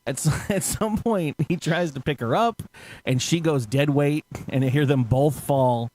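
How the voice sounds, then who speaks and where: A man's voice: on the high side, unhurried, a little mellow, slight background noise. A man telling a story in casual chat, laughing often and acting out quotes with swearing.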